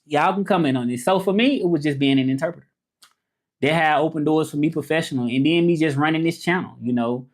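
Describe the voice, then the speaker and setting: A man's voice: on the high side, quick pace. Chatty Southern man hosting a livestream. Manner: loose, chatty, answers viewer comments. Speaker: livestream host and interpreter. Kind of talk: casual livestream chat.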